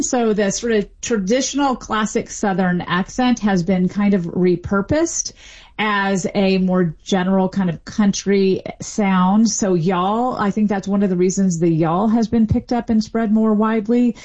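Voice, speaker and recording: A woman's voice: mid-range voice, a little slow, a little mellow. Middle-aged woman academic, expert interview guest, fluent and explanatory. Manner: fluent explanatory, light laughs, small restarts. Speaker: linguistics professor guest.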